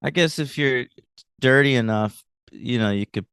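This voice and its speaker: A man co-hosts a podcast, chatting casually through a recap, laughing easily and explaining plot points. His voice is medium-pitched, fairly bright, clear and resonant, at a normal speed. The studio sound is clean with no echo.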